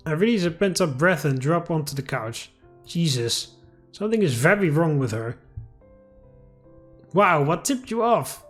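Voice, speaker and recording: Guy reading a visual novel out loud, swears a lot, voice jumps all over. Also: on the high side. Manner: animated, swearing. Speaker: let's play host. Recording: faint music behind.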